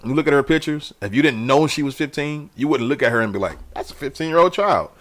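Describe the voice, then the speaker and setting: A man co-hosting a podcast in casual banter, animated and profane, laughing often as he tells a story. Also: medium pitch, fast talker. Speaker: podcast co-host.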